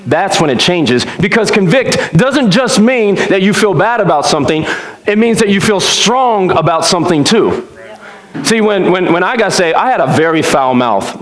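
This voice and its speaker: Male pastor, sermon; animated storyteller, pitch swings widely, roomy church sound. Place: church sanctuary. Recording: echoey church room.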